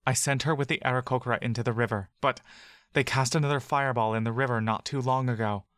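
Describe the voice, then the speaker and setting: Hoarse scared young elf guy in a fantasy audio story, read by a man, dry close sound. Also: medium pitch, fairly even intonation, quick pace, fairly bright tone, dry recording, natural voice. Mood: urgent. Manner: urgent, voice breaking. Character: frightened young male elf shapeshifter.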